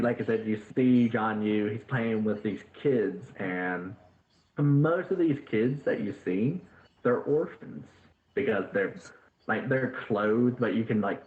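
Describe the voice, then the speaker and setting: A man narrating as dungeon master, rambling with lots of fillers. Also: on the low side. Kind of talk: narrating a tabletop game. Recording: echoey, tinny voice-chat line.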